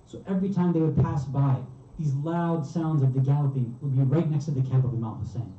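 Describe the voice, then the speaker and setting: A man's voice: mid-range voice, fairly quick, mellow. A man giving a sermon, narrating a story in a vivid, emotional way in a community religious hall. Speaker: speaker. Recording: roomy, distant, dull hall recording.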